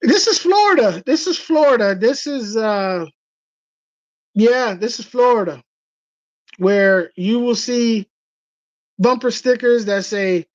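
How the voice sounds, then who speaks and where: Animated woman on a dull lo-fi livestream. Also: a little high, unhurried, dry recording. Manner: animated storytelling, acting out quoted voices. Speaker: livestream host. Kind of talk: casual livestream chat.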